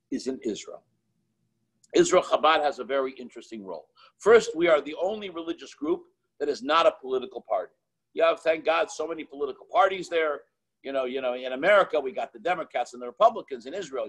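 Husky rabbi telling a lively story. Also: male voice, medium pitch, low-quality recording. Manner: animated anecdotes with quoted dialogue and filler restarts. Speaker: Chabad rabbi and author. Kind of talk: storytelling talk.

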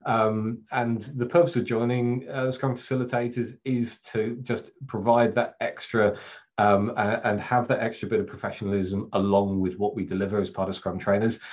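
This middle-aged Englishman's voice sits on the low side, level in tone and a little mellow, at normal speed, with an English accent. As a Scrum trainer, he gives a casual, chatty video-call presentation full of fillers, frequent laughs and self-deprecation. The audio is slightly dull, lo-fi webcast quality.

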